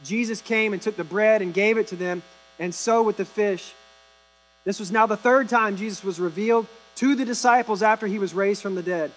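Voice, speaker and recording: Man, high voice, pastor preaching a sermon, chatty and wry, drops to a hush. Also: moderate pace, rough recording. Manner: conversational, wry asides, drops to a hushed low voice.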